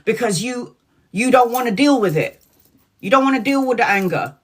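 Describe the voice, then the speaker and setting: A woman's voice: fairly high pitch, expressive, moderate pace. A woman in her forties, a tarot reader hosting a live stream, talking frankly and chattily, swearing freely and calling out viewers by name. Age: 40s. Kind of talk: casual live-stream chat.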